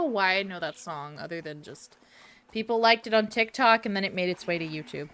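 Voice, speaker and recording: A woman's voice: fairly low pitch, fairly quick, bright, forceful tone, slight background noise. A woman streaming as a VTuber, chatting casually and playfully while she plays, rambling from topic to topic and talking back to the game. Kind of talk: casual live-stream chat while gaming.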